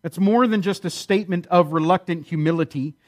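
Earnest higher-voiced preacher man. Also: brisk. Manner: earnest, emphatic, repeats key phrases. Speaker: pastor. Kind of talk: sermon.

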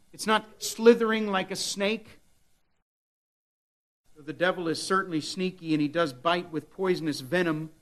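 A man's voice: high-pitched, sharp tone. A man preaching a sermon with dramatic delivery, at times voicing the devil's taunts. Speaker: pastor.

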